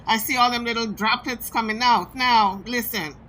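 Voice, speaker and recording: A woman's voice: fairly high pitch, steady tone, normal speed, sharp tone, slight background noise. A woman hosting a commentary channel, talking back to clips in a sassy, scolding, teasing way. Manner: sassy, scolding, teasing, talks straight to the clip.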